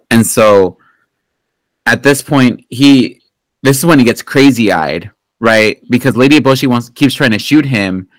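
A man's voice: fairly low pitch, a bit bright, no room sound, poor audio. A man hosting a podcast, recapping a film in a casual, rambling and profane way, full of fillers and restarts. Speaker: podcast host. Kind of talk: casual movie recap chat.

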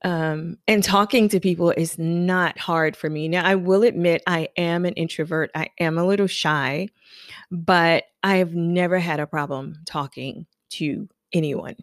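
A woman's voice: on the low side, fairly even intonation, unhurried, no echo, studio quality. A woman hosting a podcast who gives an emphatic motivational monologue, repeating affirmations and telling stories. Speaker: podcast host.

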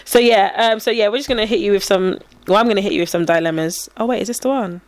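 A woman's voice: medium pitch, fast talker, dry recording. A British woman co-hosting a podcast with her sister, chatting playfully and laughing often. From Britain. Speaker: podcast co-host. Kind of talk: casual chat.

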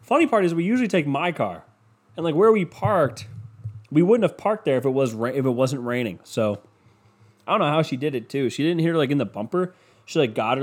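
A man talking casually at a mid-range pitch, swearing nearly every sentence as he drifts from one story to the next. He often jumps up into a high, incredulous voice when ranting, then drops back down into mumbled asides. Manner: profane, scatterbrained storytelling with sudden high-pitched outbursts. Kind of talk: casual rambling monologue.

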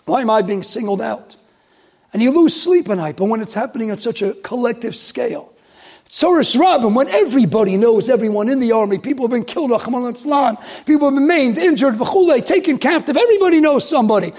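Impassioned husky high-pitched rabbi. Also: male voice, lively intonation, fast. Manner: impassioned, swings from loud outrage to hushed emphasis. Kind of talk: sermon.

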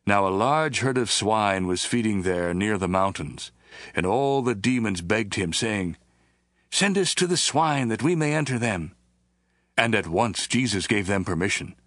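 A man doing a scripted Bible reading with a measured, even narration. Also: fairly low pitch, no echo, studio quality. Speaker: scripture reader.

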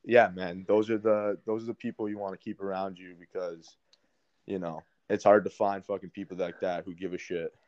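Low-voiced young man telling a story. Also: level tone, moderate pace, a little mellow. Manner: profane, many fillers. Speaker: podcast guest. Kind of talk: casual storytelling. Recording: dry, slightly dull sound.

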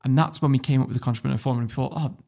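Gravelly, blunt man. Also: mid-range voice, steady tone, racing, dark tone. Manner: blunt, swears freely, laughs through stories. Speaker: guest entrepreneur. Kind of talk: casual storytelling.

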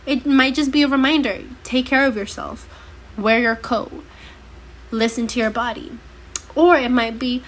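A woman's voice: fairly high pitch, unhurried. A young woman hosting her own podcast in casual solo chat, a bit stuffy from a cold, talking in a slangy, emphatic way. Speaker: podcast host.

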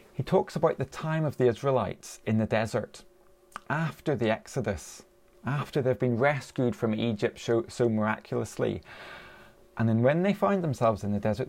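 A man's voice: mid-range voice, creaky, a little mellow. A man preaching a sermon in a conversational way, asking his listeners rhetorical questions.

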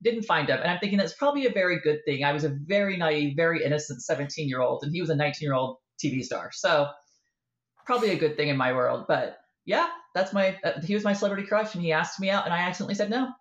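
A woman author in a casual interview, telling a lively story and acting out the voices in it. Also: deep voice, fast, roomy sound, highs cut off. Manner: animated storyteller, acts out quoted voices. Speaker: author guest.

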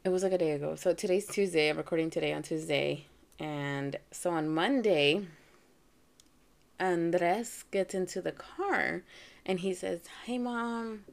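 Casual podcast mom, 30s, slightly low voice, animated storyteller who laughs a lot. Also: female voice, unhurried, vocal fry. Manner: chatty, animated, often laughing, acts out quoted voices. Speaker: podcast host and mother.

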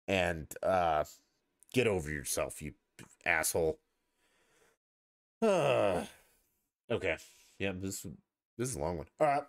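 Male podcast host, lowish voice, swings a lot in pitch, dry close sound, profane and sarcastic. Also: animated, slow, pauses often, no room sound. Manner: profane and combative, heavy swearing; sarcastic, mocks opponents with put-on voices. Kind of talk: casual political rant.

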